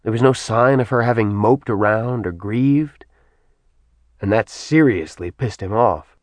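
Low-voiced man narrating an audiobook. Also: unhurried, no room sound. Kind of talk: scripted narration.

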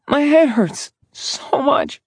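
A man voicing an injured young woman who speaks slowly and fragilely in a raised voice. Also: very high voice, expressive, no echo, clean studio sound, voice pushed up, heavily acted. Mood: pained.

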